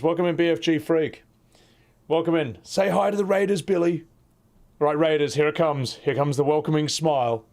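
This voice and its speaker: A man's voice: fairly high pitch, fairly even intonation, normal speed, a little mellow. A young adult man, chatting casually to his stream audience and cooing at his cat. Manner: affectionate baby talk to his cat. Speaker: game streamer.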